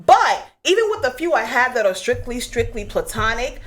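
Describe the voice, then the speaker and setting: A woman hosting a call-in radio talk show, outspoken and animated, with lots of casual fillers. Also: on the high side, moderate pace.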